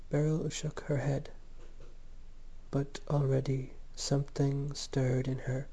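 A man narrating a story in a measured, gentle reading. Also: medium pitch, level tone, husky. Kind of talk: scripted audiobook narration.

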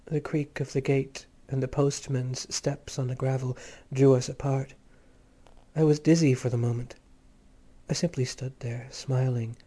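Mellow male audiobook narrator. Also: mid-range voice, flat delivery. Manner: measured and lyrical. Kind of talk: literary narration read aloud.

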